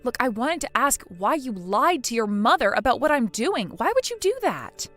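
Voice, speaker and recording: A woman's voice: fairly high pitch, very animated, normal speed, fairly bright tone, faint music behind. A woman voicing a weary young wife in a text-message drama, pleading and defensive. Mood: insistent.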